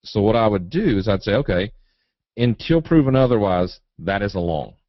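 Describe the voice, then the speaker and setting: A man with a Southern accent from Eastern Kentucky leads a live webinar on trading in a low, easygoing voice. He jokes in a folksy way as he reads out questions and answers them. The audio is dry and slightly muffled, like a dull web stream. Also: moderate pace, no echo. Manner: folksy, relaxed, joking. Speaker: trading educator. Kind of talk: live webinar teaching, reading viewer questions.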